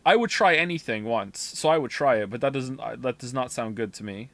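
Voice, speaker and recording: A man's voice: medium pitch, sing-song, moderate pace, pushed and bright, no echo. A man streaming a video game while reading chat, rambling, swearing and reacting with incredulous outbursts.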